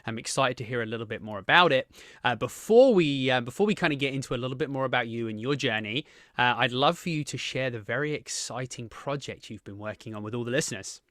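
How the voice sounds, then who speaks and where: A man's voice: mid-range voice, fast talker, a bit bright, no room sound, studio quality. Chatty English man hosting a podcast. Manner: friendly, chatty, filler-heavy. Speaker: podcast host. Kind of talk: casual interview chat.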